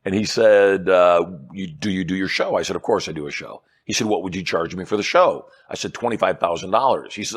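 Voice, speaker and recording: A middle-aged man with a fairly low voice, talking as an interview guest. He tells stories with energy and plays out both sides of each conversation. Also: fairly quick, hardly any pauses, slightly rough. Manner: animated storyteller acting out dialogue. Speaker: guest, hypnotist and persuasion trainer. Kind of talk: storytelling interview chat.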